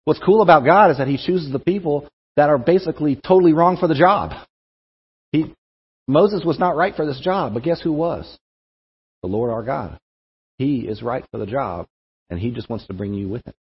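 A man's voice: fairly high pitch, moderate pace, husky. A young man giving a conversational sermon to a campus group, repeating words as he thinks aloud. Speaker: campus ministry speaker. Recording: echoey hall, dull lo-fi sound.

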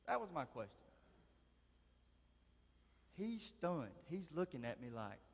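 A man's voice: on the high side, very animated, takes it slowly, vocal fry, breathy edge. A man, preaching a folksy sermon with a conversational, drawling manner and dry humor. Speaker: lay preacher. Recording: long reverb of a large hall.

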